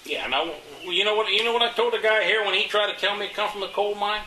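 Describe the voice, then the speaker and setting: A man's voice: high-pitched, quick pace, pushed and bright, roomy sound, far from the mic, low-quality recording. An older man in a casual interview, telling folksy, indignant stories about his community, restarting and repeating words as he goes. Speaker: interviewee, local resident.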